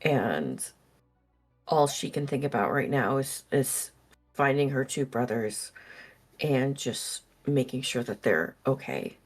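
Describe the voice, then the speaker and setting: A woman playing a tabletop role-playing game, describing her character's actions slowly and thoughtfully. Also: a bass voice, animated. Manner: slow, thoughtful, hesitant. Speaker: player. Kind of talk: role-play narration.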